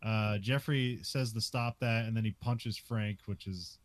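A man's voice: on the low side, fairly even intonation, unhurried, no room sound. A man co-hosting a film podcast, recapping scenes and laughing often. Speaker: podcast co-host. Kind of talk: casual film discussion.

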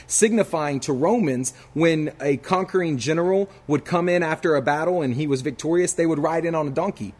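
A young man preaching a sermon as a pastor, casual and slangy in his asides and building to fervent exhortation. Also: on the high side.

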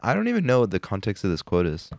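A man co-hosting a podcast in casual chat, playful and quick to laugh. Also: wildly swooping pitch, dry recording, studio quality. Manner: playful, laughs often, bursts into high giggles. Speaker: podcast co-host.

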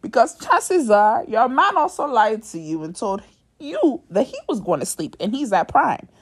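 A woman's voice: a little high, sing-song, moderate pace, breathy edge. A young woman hosting a podcast, telling a dating story to her listeners in a blunt, profane, dramatic way, sometimes dropping to a near-whisper for asides.

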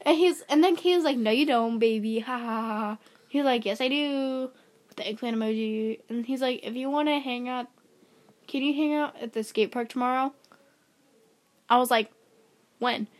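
High-voiced young woman telling gossip. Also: normal speed, long pauses. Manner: giggly storyteller, quoting texts in flat voices. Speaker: co-host. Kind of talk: casual gossip chat.

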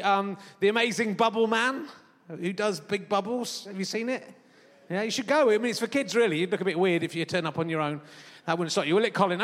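A man in his fifties with a high, fairly bright voice hosts a comedy podcast live on a theatre stage. He chats in a rambling, self-mocking way, full of fillers. The recording carries a long theatre-hall reverb.

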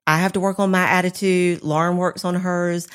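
A woman's voice: lowish voice, little pitch movement, moderate pace, fairly bright tone, smooth. A woman co-hosting a casual chat, candid and self-deprecating, speaking to listeners. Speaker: podcast co-host.

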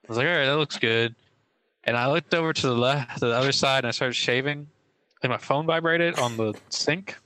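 A man's voice: medium pitch, fairly quick, sharp tone, poor audio. A young man co-hosting a podcast, telling stories in a rambling, casual way full of fillers. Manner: rambling, filler-heavy storytelling. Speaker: podcast co-host. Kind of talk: casual chat.

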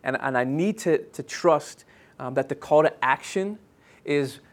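Pastor guy in his 30s preaching, earnest, stumbles and restarts a lot, goes quiet and slow on the big lines. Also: a little high. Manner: halting, earnest, many restarts and fillers. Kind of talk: sermon.

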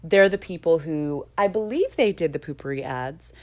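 A woman's voice: deep voice, expressive, moderate pace. A young woman hosting a podcast in casual chat, talkative and prone to tangents, laughing often. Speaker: podcast host.

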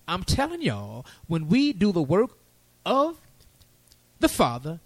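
Lively high-voiced preacher man. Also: takes it slowly, dry recording. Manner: lively preaching, folksy asides, quoting God in casual talk. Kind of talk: sermon.

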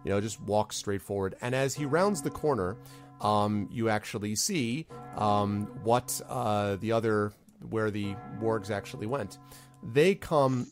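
A man's voice: on the low side, a little slow, soft background music. A man narrating a tabletop game as game master, rambling with many fillers.

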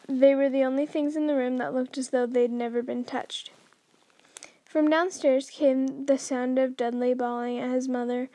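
Woman host reading aloud, high and soft-toned, dry close sound, frequent stumbles and restarts. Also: fairly even intonation, normal speed, no room sound. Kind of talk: unrehearsed read-aloud narration.

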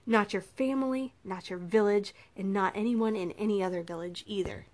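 A woman's voice: mid-range voice, moderate pace, darkish tone, a little hiss or hum, natural voice. A woman voicing a cruel, mocking male captor in a storybook reading, taunting and menacing.

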